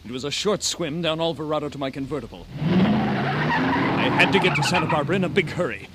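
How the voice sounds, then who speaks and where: An actor playing a wisecracking hard-boiled private eye who narrates a comedy radio play in a fast deadpan manner. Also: male voice, fairly high pitch, lightly acted. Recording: noisy old radio recording.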